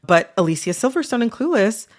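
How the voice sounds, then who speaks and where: A woman's voice: a little high, big pitch swings, brisk, a little hiss or hum. A woman hosting a podcast interview, chatty and casual, peppering her talk with "like" and "you know". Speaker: podcast host. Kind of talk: conversational interview.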